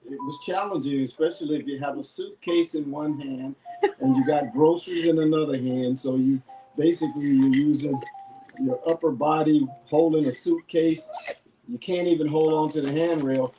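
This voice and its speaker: A man's voice: on the high side, fairly even intonation, moderate pace, far from the mic, low-quality recording. A man bantering casually on a live show, dryly joking and sure of his facts. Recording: off-mic with loud music behind.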